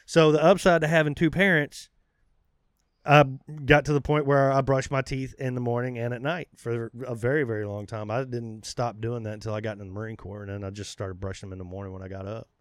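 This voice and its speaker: A man in his thirties telling a profane, animated story in casual podcast chat. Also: mid-range voice, a little fast, clear, resonant tone, no echo, clean studio sound. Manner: profane, animated, acts out quoted voices.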